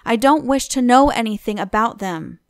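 A woman reading the lines of a petulant, flippant young gentleman who is languid and bored. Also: fairly high pitch, animated, moderate pace, no room sound, clean studio sound.

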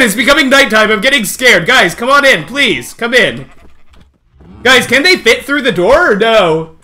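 A man streaming a game live, talking excitedly to his chat and coaxing the animals along, often shouting and laughing. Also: extremely high pitch, moderate pace. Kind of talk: excited live gameplay commentary.

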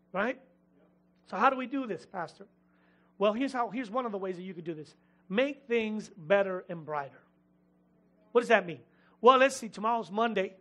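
Male pastor, middle-aged, very high bright voice, lively joking sermon delivery in church. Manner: lively, joking preacher with quick asides.

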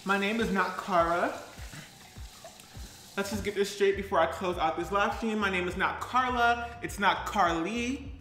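In this perky character live stream comedy, a man plays a tired, chatty young woman baker, giggling as she reads viewer comments aloud. His voice is high, measured, bright and forceful, with a little hiss or hum. There's a roomy echo and faint music in the background.

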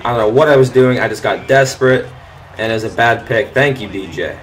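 A young man commentating his own football video game, frustrated and swearing, breaking into shouts and laughs at bad plays. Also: mid-range voice, fairly quick. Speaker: gaming channel host. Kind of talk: gameplay commentary.

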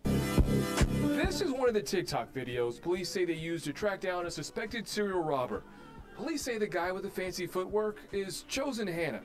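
A man reporting a local news story in a measured, formal reading. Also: high-pitched, big pitch swings, music in the background.

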